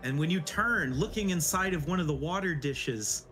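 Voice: medium pitch, lively intonation, normal speed. A game master narrating a tabletop game casually, with filler words. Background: music.

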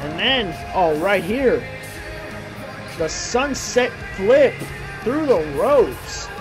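High-voiced, excitable male wrestling commentator. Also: extremely slow. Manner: excitable, bursts into shouting at big moments. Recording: clear music playing behind. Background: music.

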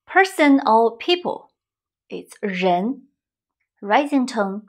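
A woman teaching beginner vocabulary, saying each word slowly and repeating it several times. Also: a little high, animated, a bit bright. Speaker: Chinese teacher. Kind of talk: slow vocabulary lesson with repetitions.

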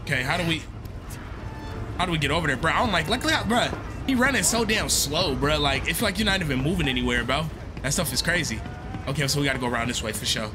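A man's voice: a little high, fast, over music. Slangy young man playing a game. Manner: slangy, excitable, repeats himself. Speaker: gaming streamer. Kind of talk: casual let's-play commentary.

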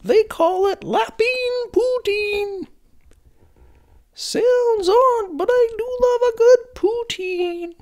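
A performer voicing Linda, a chirpy woman with a squeaky high voice who folksily mangles French phrases in a comedy sketch. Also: drawn-out words, a little mellow, exaggerated voice. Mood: chatty.

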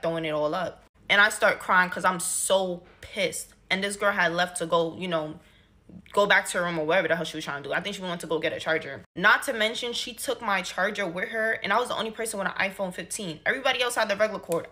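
A young woman telling a personal story to her phone camera in an animated, exasperated, slangy way. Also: lowish voice. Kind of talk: casual storytime monologue.

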